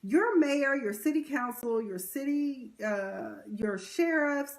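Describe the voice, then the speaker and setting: Young woman vlogging, kinda high voice, blunt opinions, repeats words a lot, mic a little far off. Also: lively intonation, takes it slowly. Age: young adult. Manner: repeats words when starting sentences. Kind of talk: casual video commentary.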